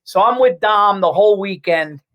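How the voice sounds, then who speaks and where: A man, a comedian guest, telling a story in casual chat, animated and quick with restarts and swearing. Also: high-pitched, poor audio.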